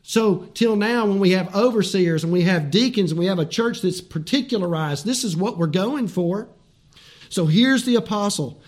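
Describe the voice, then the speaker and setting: A male pastor giving a conversational sermon, asking rhetorical questions and slowing down for emphasis. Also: high voice, a little mellow.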